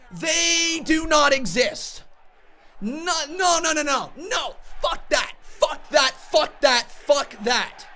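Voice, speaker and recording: A man ranting furiously on a live reaction stream, shouting, swearing and repeating words in angry bursts. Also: extremely high pitch.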